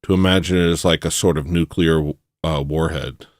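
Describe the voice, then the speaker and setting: A man hosting satirical commentary, rambling and joking with loud sudden bursts. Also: a bass voice, fairly even intonation, moderate pace, no echo, clean studio sound. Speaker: commentary host.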